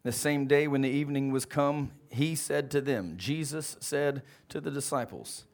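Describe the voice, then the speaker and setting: Animated preacher quizzing his congregation. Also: mid-range voice, moderate pace. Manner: animated, calls out questions to the congregation. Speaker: pastor. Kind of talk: sermon.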